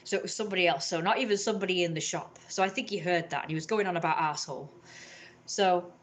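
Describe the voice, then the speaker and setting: A young woman tells a long grievance to her camera, rambling and indignant, with a somewhat low voice. She jumps into higher voices to mimic the people in her story. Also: fast, slight background noise. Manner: rambling, indignant, acts out others in raised voices. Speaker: vlogger.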